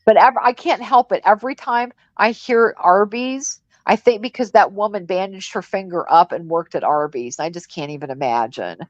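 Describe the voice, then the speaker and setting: A woman's voice: mid-range voice, moderate pace, hardly any pauses, dry recording. Chatty woman livestream co-host, lo-fi sound. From Missouri. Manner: chatty, rambling, frank. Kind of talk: casual chat. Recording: dull lo-fi dry sound.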